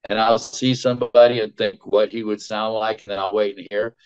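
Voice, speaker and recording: A man who is a voice actor, telling chatty, animated stories about his work as a guest. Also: lowish voice, clear, resonant tone. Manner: chatty, animated anecdotes with quick asides. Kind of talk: casual storytelling. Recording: dull lo-fi sound.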